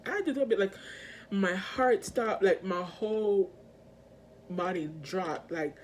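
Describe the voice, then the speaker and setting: A woman vlogger speaks straight to her camera, her talk rambling and halting with constant fillers and restarts. She sounds earnest and emotional, at an ordinary middle pitch. A faint noise sits under her voice. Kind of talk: personal video update to viewers. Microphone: self-filmed camera mic.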